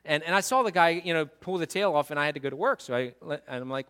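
A male pastor preaches with animated humor and asks his congregation direct questions. His voice sits a bit high and has a bright, forceful edge. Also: fast, few pauses. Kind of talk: sermon.

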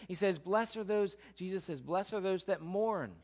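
A man preaching a sermon, moving between loud emphatic exclamations and low, quiet asides. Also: normal speed, hardly any pauses. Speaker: pastor.

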